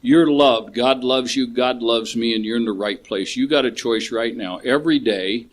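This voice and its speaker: A man's voice: medium pitch, normal speed. An older man with eight grandchildren, sharing his story at a recovery meeting in a blunt, storytelling way with casual swearing.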